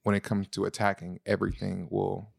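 Guy with a low gravelly voice chatting about relationships, dry close mic, lively storyteller. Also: brisk, dry recording. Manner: animated storyteller, jumps into a high falsetto to tease. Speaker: podcast co-host. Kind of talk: casual relationship talk.

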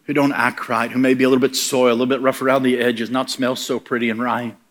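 A preacher with a medium-pitched voice talks fast while telling a story in his sermon. He's animated and acts out the voices of the people in it.

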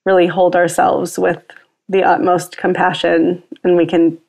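A woman's voice: fairly low pitch, flat delivery, a little slow, gravelly, darkish tone. A woman and mother speaking reflectively in a casual podcast conversation, often restarting her sentences.

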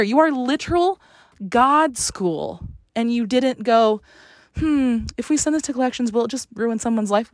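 A woman's voice: a little high, lively intonation, normal speed, dry recording. A young woman telling a story in a casual, sarcastic, exasperated rant.

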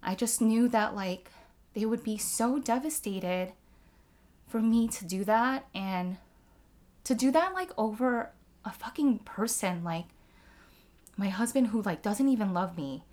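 A woman's voice: fairly high pitch, animated, measured pace, darkish tone. A woman talking candidly in a casual conversation, swearing freely and filling her sentences with "like" as she tells a personal story. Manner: frank, swears freely, many "like" fillers.

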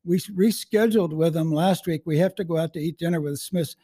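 A man in his seventies quoting a patient, witty wife in an anecdote, speaking gently. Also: a little high, quick pace, slightly rough, no echo, studio quality. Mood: coaxing. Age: 70s.

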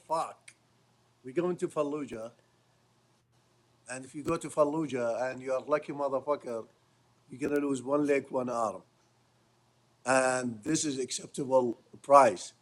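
Blunt profane man, English. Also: mid-range voice. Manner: blunt, profane, non-native grammar. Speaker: former military interpreter, guest. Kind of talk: casual storytelling.

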